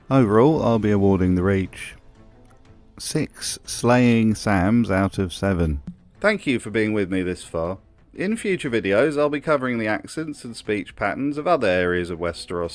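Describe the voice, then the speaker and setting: A man hosting a scripted commentary voice-over in a sardonic, mocking way. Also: fairly low pitch. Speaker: host.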